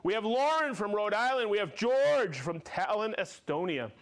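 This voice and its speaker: A man hosting a live stream, upbeat, reading off viewer names and places with quick friendly asides. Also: high voice, lively intonation, background noise. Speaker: livestream host.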